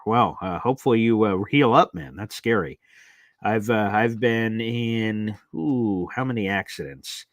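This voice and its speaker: A young adult man hosting a casual live-stream chat, reading viewer comments aloud and rambling into animated stories. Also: lowish voice, unhurried, no room sound, clean studio sound. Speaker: live show host.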